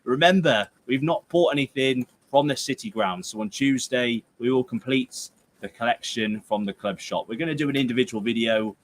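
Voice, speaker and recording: Hosting a football stream, this young English man talks at normal speed and medium pitch in a Gloucestershire/Herefordshire accent. Between reading out viewer comments, he jokes around, wanders off topic, comes across as tired and erupts in playful outbursts.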